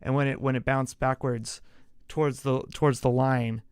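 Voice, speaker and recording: A man's voice: medium pitch, flat delivery, moderate pace, a little mellow, clean tone, dry recording, clean studio sound. A man hosting a casual solo sports podcast, rambling through an explanation, acting it out with gestures and correcting himself along the way. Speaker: podcast host.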